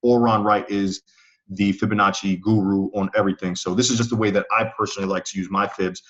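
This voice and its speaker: A man's voice: on the low side, steady tone, fast talker, a bit bright. Man teaching trading on a muffled call. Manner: conversational, checks in with the audience. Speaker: trading instructor. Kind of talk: live online trading webinar. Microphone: online call audio. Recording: slightly muffled call audio.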